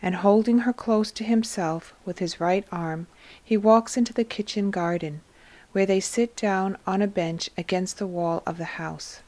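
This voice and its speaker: Soft-spoken woman narrating reverently. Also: mid-range voice, steady tone, normal speed. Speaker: reader of devotional text. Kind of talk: scripted narration.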